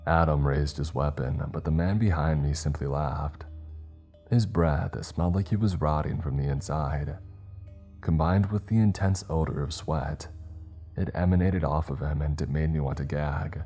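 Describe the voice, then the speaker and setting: Faint music murmurs underneath as a man reads a scripted horror story at a slow, measured pace. His extremely low, dark voice is mellow and heavy, and slightly rough.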